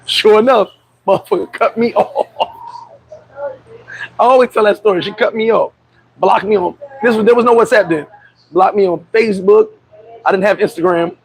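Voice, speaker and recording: A man's voice: sits high, moderate pace, pauses often, slightly rough, poor audio. A man hosting a casual livestream chat, telling blunt, profane stories. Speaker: livestream host.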